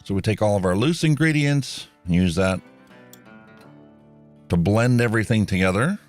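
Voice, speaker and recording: A man talking casually on a live stream, calmly explaining steps and asking curious questions. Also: fairly low pitch, normal speed, soft background music.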